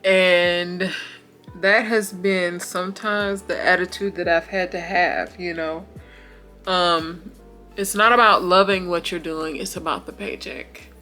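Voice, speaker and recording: A woman vlogger talking casually and warmly to her viewers about her faith and plans, calling them "girl" and "y'all.". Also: lowish voice, fairly even intonation, takes it slowly, soft background music. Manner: chatty and heartfelt, calls viewers "girl" and "y'all". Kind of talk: casual chat to camera.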